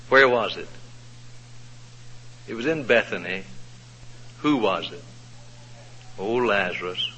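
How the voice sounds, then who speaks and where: A male preacher telling a Bible story in a sermon, folksy and expressive, asking the congregation questions. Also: medium pitch. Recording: echoey hall, dull lo-fi sound.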